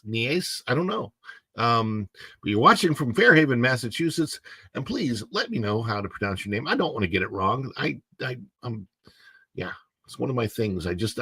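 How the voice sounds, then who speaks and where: A man's voice: medium pitch, a bit bright, no echo. A middle-aged man hosting a casual livestream, chatting and reading viewer comments aloud. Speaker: livestream host.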